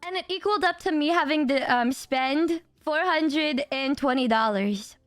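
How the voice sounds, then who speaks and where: A young woman streamer telling a story to her chat in a casual, animated way, swearing and laughing as she goes. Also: high-pitched, normal speed, no room sound, soft background music.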